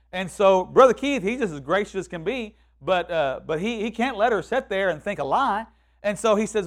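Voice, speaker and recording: High-pitched guy preaching, chatty, repeats himself a lot, does little voices for people. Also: normal speed. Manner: conversational, repeats words and restarts, quotes people in lively voices. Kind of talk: sermon.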